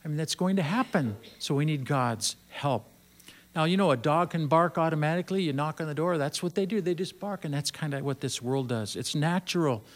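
Earnest preacher man, higher voice. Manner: earnest, repeats phrases, slows for emphasis. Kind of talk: sermon.

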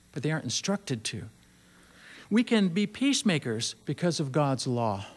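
A man preaching a sermon in an earnest way, repeating phrases and slowing down to stress key lines. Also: fairly high pitch.

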